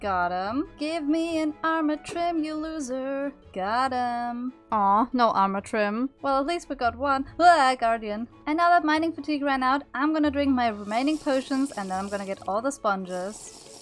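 A woman's voice: sits high, normal speed, faint music behind. A woman narrating her game playthrough in a playful way, easily startled and chatting to the creatures on screen. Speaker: gaming video creator.

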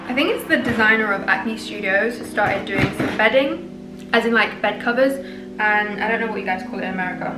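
A young woman in her twenties, chatting excitedly to camera in a casual vlog recorded at home. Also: mid-range voice. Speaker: lifestyle vlogger. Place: indoors at home. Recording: echoey room with background music.

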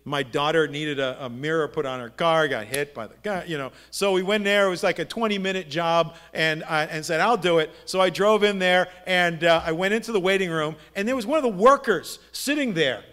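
A middle-aged pastor delivers a sermon in a fairly high male voice. He preaches like he is telling stories to friends and keeps tossing rhetorical questions at the congregation. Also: brisk, hardly any pauses, a bit bright. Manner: conversational storytelling with rhetorical questions. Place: church sanctuary.

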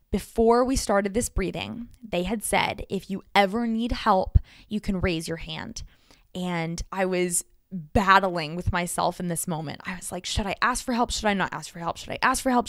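A woman's voice: medium pitch, no room sound, studio quality. Earnest woman telling a personal story. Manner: earnest and expressive, with quick shifts in loudness. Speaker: podcast host.

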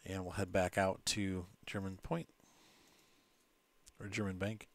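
A man's voice: low-pitched, little pitch movement, unhurried. A man casually commenting on his own gameplay, thinking aloud and correcting himself as he plays. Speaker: let's play host.

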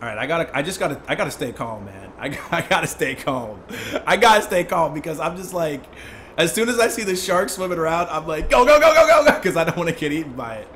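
A young man giving live gameplay commentary as a streamer, excitable, breaking into yells and laughs. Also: fairly high pitch, quick pace, slight background noise. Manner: excitable, yelling and laughing in bursts. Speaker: gaming streamer.

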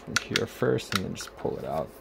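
Gravelly low-voiced man thinking aloud. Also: very animated, heavy background noise. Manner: thinking aloud, unhurried, trailing off while working. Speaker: repair video host. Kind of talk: casual workbench narration.

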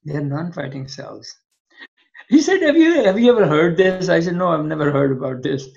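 On dull lo-fi audio, an older male doctor being interviewed recounts lengthy anecdotes and voices each side of old exchanges. He talks fast in a high-pitched, gravelly, expressive voice.

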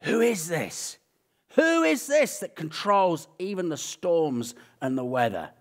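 A man doing shrill, awestruck frightened disciples. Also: very animated, slow, full character voice. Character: terrified male disciples in a storm.

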